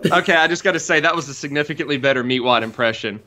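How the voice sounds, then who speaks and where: A man's voice: fairly high pitch, very fast, pushed and bright. A man co-hosting a casual livestream from his room at home, dry and laid-back, playing along with the jokes. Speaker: co-host of a comics livestream. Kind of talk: casual live-stream chat. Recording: dull lo-fi home stream audio.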